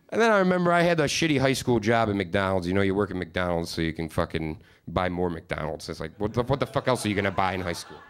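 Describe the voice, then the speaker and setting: A man's voice: low-pitched, animated, fast talker, hardly any pauses. A man in his thirties from upstate New York, telling rambling, profane, self-deprecating stories in a stand-up comedy set.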